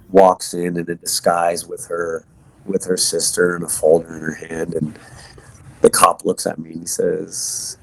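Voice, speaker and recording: A man, a podcast guest, telling his personal story in an earnest, halting way with many fillers and restarts. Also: deep voice, a bit bright. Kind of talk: personal testimony in conversation.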